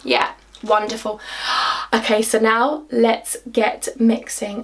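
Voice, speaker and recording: A young woman chats through a makeup challenge in her bedroom. Her voice sits slightly high, and she gushes and talks to herself as she works. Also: slow. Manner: bubbly, gushing, talks to herself. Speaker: beauty vlogger. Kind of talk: excitable makeup vlog. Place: home bedroom.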